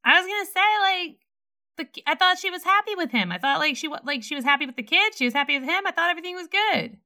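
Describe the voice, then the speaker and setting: A woman's voice: very high voice, expressive, quick pace, pushed and bright. A woman co-hosting a podcast, reacting and chatting casually. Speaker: podcast co-host. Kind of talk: casual chat.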